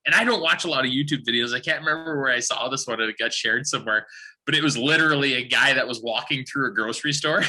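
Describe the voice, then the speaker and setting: A young man from Saskatchewan, chatting casually as a podcast guest and telling rambling, animated stories. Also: mid-range voice, fast talker. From Saskatchewan, Canada. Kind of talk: casual chat.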